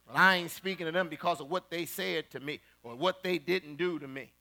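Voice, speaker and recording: A man preaching a sermon in a colloquial, emphatic style, rising to loud repeated lines. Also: fairly high pitch, brisk, gravelly, few pauses. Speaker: pastor.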